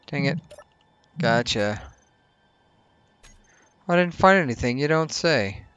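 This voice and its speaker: A man's voice: mid-range voice, expressive, takes it slowly, fairly bright tone, clear, resonant tone, no echo, dull audio. A man hosting a let's play, giving casual commentary over his gameplay. He is chatty, thinks aloud and makes self-mocking asides.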